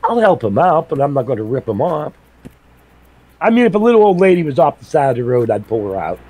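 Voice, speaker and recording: A man's voice: on the high side, sing-song, fast talker, warm tone, breathy edge, low-quality recording. A middle-aged man streaming a game, telling blunt, profane stories in casual chat. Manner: blunt, profane storytelling with laughs. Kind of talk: casual chat while gaming.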